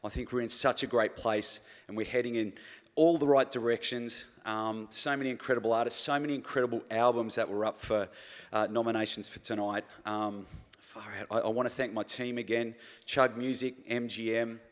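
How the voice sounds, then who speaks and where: A man's voice: medium pitch, steady tone, brisk. An Australian man giving an emotional acceptance speech at an awards show, stumbling over his words and repeating himself as he thanks people. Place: large awards hall with live audience. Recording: long hall reverb, faint crowd.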